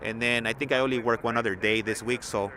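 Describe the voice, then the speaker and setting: A man's voice: mid-range voice, fairly even intonation, fast, a loud crowd. A man, rambling in casual, slangy live-stream chat from outdoors at an airport, on a phone. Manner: laid-back, rambling, slangy. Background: traffic and vehicle noise.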